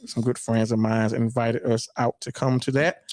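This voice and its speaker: A man's voice: medium pitch, flat delivery, moderate pace, darkish tone. A man hosting a podcast, talking loosely in a casual chat with many fillers and restarts. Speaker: podcast host.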